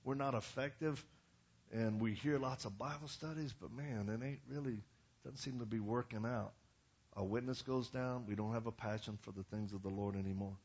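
An older man preaching, telling a story and acting out the other people's lines with sudden loud bursts. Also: lowish voice, fairly quick. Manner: animated, acts out quotes with sudden loud bursts. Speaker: evangelist preacher. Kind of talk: storytelling sermon. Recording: dull lo-fi sound.

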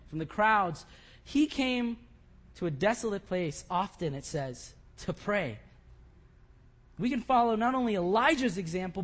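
A man preaching a sermon, moving from quiet scripture reading to loud, impassioned crying out. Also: high voice. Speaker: pastor.

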